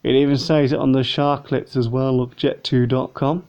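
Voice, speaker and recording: A man's voice: medium pitch, flat delivery, normal speed, darkish tone. A man chatting casually through a model plane unboxing review, rambling and a little tired. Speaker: vlogger. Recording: dull lo-fi home recording.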